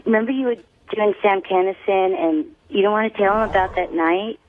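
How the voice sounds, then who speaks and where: Woman playing a coy, teasing ex-lover, phone caller, tinny phone line, mid pitch. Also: a little fast, a little hiss or hum, close to an everyday voice.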